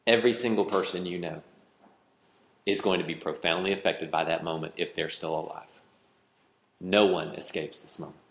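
A man's voice: low-pitched, steady tone, moderate pace, long pauses, reverberant. A man preaching a sermon, reading scripture aloud and arguing over it with growing intensity. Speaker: pastor.

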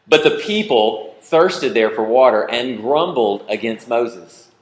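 A man preaching a sermon as pastor, animated and playful, with joking asides to his congregation. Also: medium pitch, slow, reverberant, a little hiss or hum.

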